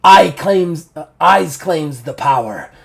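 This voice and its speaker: A man's voice: fairly high pitch, lively intonation, slow, vocal fry, a bit bright, full character voice. A man voicing a feral, greedy male mutant who gloats in broken grammar. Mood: gloating.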